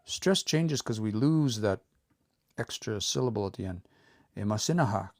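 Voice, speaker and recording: A man giving a casual live-streamed language lesson, explaining step by step and repeating words slowly, with relaxed, informal phrasing. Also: lowish voice, no room sound, clean studio sound. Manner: relaxed, informal, says y'all and eh. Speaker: language teacher.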